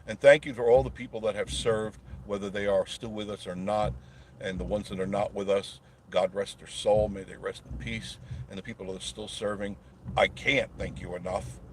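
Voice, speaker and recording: A man's voice: fairly low pitch, fairly even intonation, normal speed. A man hosting a live stream from his car, chatting with viewers in a rambling, folksy way. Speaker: channel host. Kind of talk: live-streamed driving chat. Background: car and road noise.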